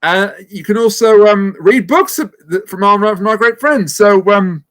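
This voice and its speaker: A man's voice: sits high, unhurried, a bit bright. A man hosting a podcast, chatting casually and rambling with dry jokes as he signs off. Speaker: podcast host. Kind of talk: casual chat, sign-off.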